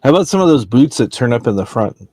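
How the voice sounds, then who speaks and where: A man's voice: mid-range voice, very animated, fast talker, dark tone. A man chatting casually, giving short offhand replies. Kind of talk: casual chat.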